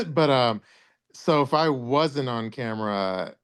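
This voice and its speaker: A man's voice: medium pitch, animated, slow pace, smooth. A man co-hosting a podcast in casual chat, rambling with frequent restarts and crude jokes. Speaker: podcast co-host.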